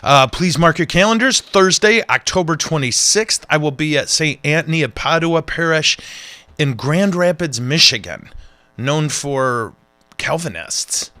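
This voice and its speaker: A man, a priest hosting a casual show, who jokes and rambles in an animated way. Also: on the high side, measured pace, no echo. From United States. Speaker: priest and podcast host. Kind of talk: casual chat.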